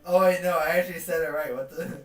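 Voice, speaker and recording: A man's voice: fairly high pitch, fairly even intonation, fast talker, far from the mic. A young man in casual chat with a friend, slangy and giggly. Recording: roomy and off-mic with music playing.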